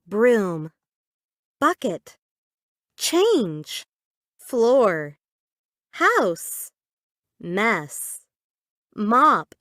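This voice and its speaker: Woman, children's audiobook reader, clear and deliberate, fairly high voice, dry close sound. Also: no echo. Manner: very clear, deliberate, expressive reading. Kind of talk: children's story reading for English learners.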